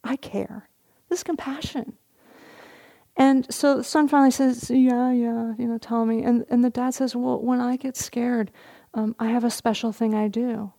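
A middle-aged woman, a meditation teacher, giving a dharma talk at a retreat, telling a story gently with soft laughs. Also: fairly high pitch, flat delivery, moderate pace, gravelly.

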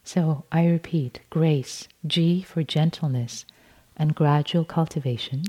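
A woman meditation teacher giving a dharma talk at a retreat, speaking gently and unhurriedly, repeating words softly and often restarting phrases. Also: low voice, steady tone, slow pace, slightly rough.

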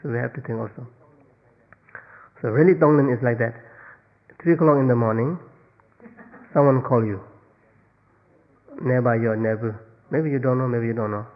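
A Buddhist meditation teacher giving a dharma talk in simple, non-native English, playfully acting out little everyday scenes. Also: male voice, mid-range voice, steady tone, fairly quick, pauses often. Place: meditation retreat hall. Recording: tinny lo-fi recording with long hall reverb.

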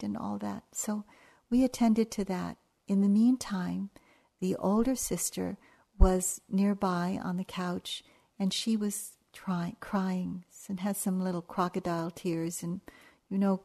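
An older woman gives a dharma talk at a meditation retreat, easing through her stories at a very slow pace. Her voice sits a little low, and her manner is gentle and unhurried, like a teacher who lets each point settle. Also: vocal fry. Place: retreat hall.

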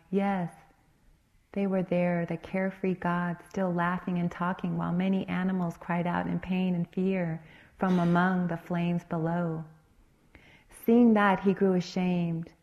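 Meditation teacher lady reading a dharma tale, lively and rhythmic, kinda muffled. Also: lowish voice. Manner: expressive, rhythmic story reading. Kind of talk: storytelling in a dharma talk.

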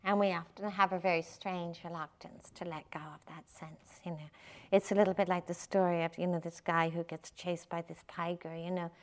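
A woman's voice: fairly low pitch, little pitch movement, normal speed. An older woman giving a dharma talk as a meditation teacher, conversational and playful with frequent fillers.

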